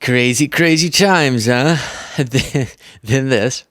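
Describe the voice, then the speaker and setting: A man's voice: mid-range voice, very slow, fairly bright tone, no echo, clean studio sound. A man hosting political commentary, reacting to clips with sarcasm and mock outrage.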